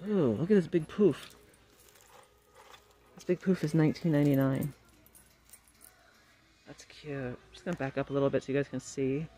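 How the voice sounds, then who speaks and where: A woman vlogging as she shops in a large store, talking excitedly and chattily about prices on a handheld phone. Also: low-pitched, normal speed, long pauses. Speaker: shopping vlogger. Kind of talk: casual shop-with-me commentary.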